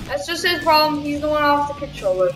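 A woman commenting on a video game as she plays, excitable, yelping and shouting at what happens on screen. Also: high voice, quick pace. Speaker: gamer. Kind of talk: let's play commentary. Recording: echoey room, far from mic. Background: loud game music.

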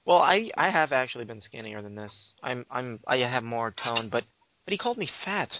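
A young man hosting a casual podcast, teasing his friends and playing mock-offended as he rambles. His voice sits at an ordinary pitch. The recording is dry and dull, with a lo-fi sound. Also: lively intonation, brisk, no room sound. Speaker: podcast host. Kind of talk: casual banter.

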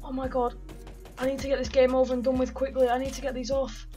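A teenage boy giving excitable gaming commentary, yelping and swearing freely as he plays. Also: very high-pitched, quick pace, faint music behind. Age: teens. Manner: excitable, loud, swears a lot, yelps in pain. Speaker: gaming YouTuber.

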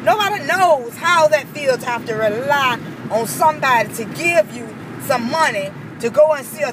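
A woman's voice: high voice, background noise. A woman ranting angrily on her vlog, repeating herself with heated emphasis. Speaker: vlogger. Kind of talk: angry personal rant.

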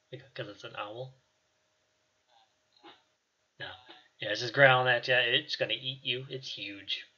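A man runs a tabletop game as game master, narrating in a loose, rambling way with plenty of fillers. His voice is bright and sharp at a medium pitch. The recording sounds slightly dull and lo-fi. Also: fairly even intonation, unhurried, pauses often. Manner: casual, rambling with fillers and laughs.

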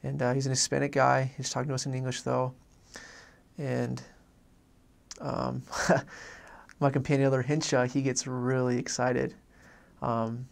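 A young man, a former missionary, telling a personal story in a halting way, repeating words and filling pauses. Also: mid-range voice, completely flat delivery, creaky, slight background noise.

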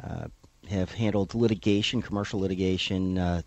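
A middle-aged man with a fairly low voice, speaking as an attorney guest on a radio show. He explains in a measured, unhurried way, dotted with uhs. The sound is dry and close, with no room echo. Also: steady tone, darkish tone. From South Florida. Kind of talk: radio interview. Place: radio studio.

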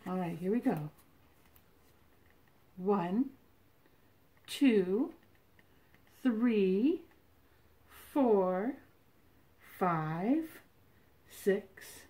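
A woman librarian leading a toddler storytime from home, reading in an animated sing-song voice with exclamations and animal sounds. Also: mid-range voice, drawn-out words, pauses often. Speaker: children's librarian.

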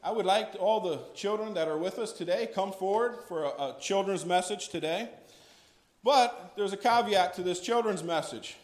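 A man's voice: high-pitched, moderate pace. A man, a pastor, giving a playful and coaxing children's message during a church service. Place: church sanctuary. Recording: echoey church room.

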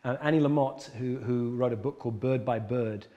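Earnest man with a mellow voice. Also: medium pitch, moderate pace, muffled recording. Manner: emphatic, earnest, repeats key points. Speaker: coach, interview guest. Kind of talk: conversational interview.

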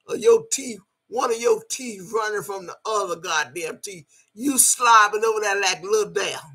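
This is an older woman from Alabama with a thick Southern accent, hurling profane insults in a heated livestream rant. Her voice is husky and cutting, with a bright, tense edge that flares into shouting. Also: medium pitch.

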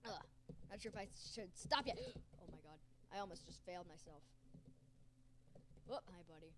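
A woman hosting a gaming channel, giving excited gameplay commentary and yelling, raging and cheering at the game. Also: fairly low pitch, normal speed, crowd noise.

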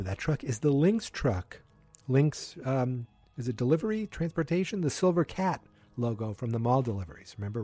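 Male podcast host, casual animated recap, mellow and breathy tone. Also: mid-range voice. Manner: animated retelling, briefly mimicking characters' lines. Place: indoors at home.

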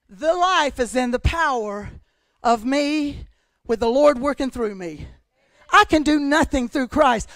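Impassioned high-voiced preaching woman. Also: no room sound. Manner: impassioned preaching, often shouting, swings between loud and hushed. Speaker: pastor. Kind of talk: sermon.

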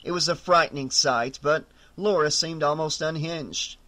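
Horror audiobook narrator, man, bright forceful tone, slightly high. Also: steady tone, moderate pace.

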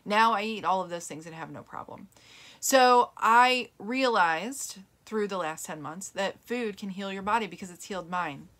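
A woman's voice: medium pitch, normal speed, fairly bright tone. A middle-aged woman hosting her own plant-based health show, talking casually and earnestly to her viewers and listeners, rambling with fillers and restarts. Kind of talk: casual talk to camera and podcast listeners.

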